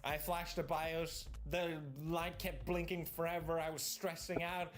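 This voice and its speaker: A man vlogging about building a computer rig, animated and exasperated, breaking into shouted rants. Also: a little high, measured pace. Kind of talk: energetic comedic vlog rant.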